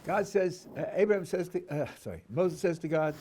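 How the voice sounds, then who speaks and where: A man's voice: on the high side, expressive, fairly quick, hardly any pauses, dark tone, breathy edge. A rabbi teaching a class, reading a text aloud and analyzing it, stressing words and putting questions to his listeners. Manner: emphatic, acts out the dialogue he reads.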